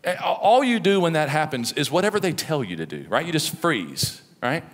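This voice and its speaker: A man's voice: fairly high pitch, big pitch swings, moderate pace. Man preaching in a reverberant church. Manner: conversational, anecdotal, frequent "right?" asides. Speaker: pastor. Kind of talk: sermon. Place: church sanctuary. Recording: long reverb of a church hall.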